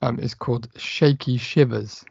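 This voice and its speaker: A man's voice: mid-range voice, unhurried, creaky, darkish tone, husky, dry recording, highs cut off. A man co-hosting a casual film podcast, rambling and full of fillers. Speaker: podcast co-host.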